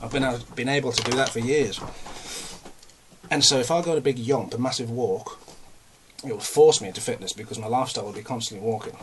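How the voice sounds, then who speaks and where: A fast-talking young man from England vlogs in a mid-range voice, over a little hiss or hum. His delivery is casual and rambling, a chatty, self-deprecating rant, and he sounds a touch short of breath.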